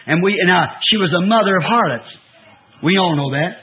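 A man in his fifties preaching a sermon, shifting between soft asides and drawn-out shouted emphasis. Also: sits high, expressive. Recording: tinny old phone-like recording.

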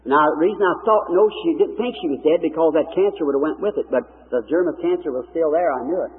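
A man with a fairly high voice preaches a sermon as a folksy, earnest story and acts out each person's lines. The sound is narrow and phone-like, like an old archival tape, with a long hall reverb trailing behind. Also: fast.

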